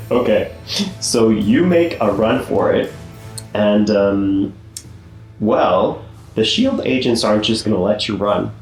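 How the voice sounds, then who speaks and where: A low-voiced man runs a tabletop game at an unhurried pace, explaining the rules patiently and laughing often. His voice rings in an echoey room with faint music behind. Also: lively intonation, darkish tone. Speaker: game master.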